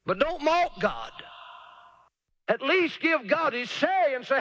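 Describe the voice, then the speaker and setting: A man's voice: very high-pitched, lively intonation, a bit bright, no room sound. A man preaching a revival sermon, emphatic and calling for amens. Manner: emphatic, drawn-out pauses, calls for amens.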